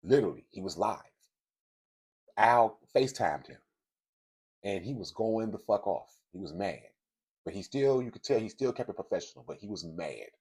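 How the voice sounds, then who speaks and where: A man with a somewhat low, husky voice talks his viewers through a piece of celebrity drama. He speaks in a loose, conversational way, with plenty of swearing and blunt opinions along the way. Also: expressive, normal speed, pauses often, a little mellow. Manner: blunt, profane, conversational storytelling. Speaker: commentary host. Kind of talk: casual celebrity gossip commentary.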